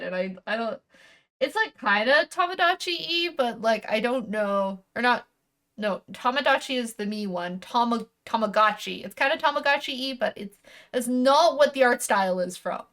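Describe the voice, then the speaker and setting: A woman's voice: on the high side, fairly bright tone. A woman streamer chatting casually while unboxing, rambling and correcting herself, with a casual swear here and there.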